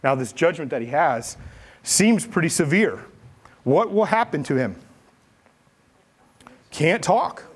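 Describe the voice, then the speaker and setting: A man preaching a sermon, telling stories with lively delivery and acting out the quotes. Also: takes it slowly, long pauses, slightly rough. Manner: animated storytelling, acts out quotes with big pitch jumps. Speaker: pastor.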